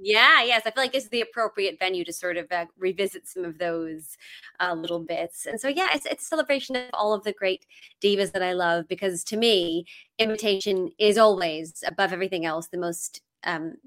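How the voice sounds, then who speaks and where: A woman singer and impressionist chatting as an interview guest, animated and laughing often. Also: medium pitch, brisk.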